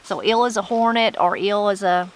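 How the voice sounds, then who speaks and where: Her accent is Southern Appalachian, and as a channel host she reads dictionary entries before casually commenting on them. The medium-pitched voice is steady and moves at normal speed, with slight background noise on a rough recording.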